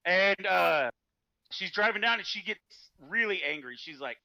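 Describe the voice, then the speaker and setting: A man telling jokes at a tabletop game, animated and quick to laugh. His voice sits a little high, bright and forceful, with lively swings in pitch. The recording is dry and slightly dull. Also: gravelly, dry recording. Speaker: player. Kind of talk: casual chat, joke telling.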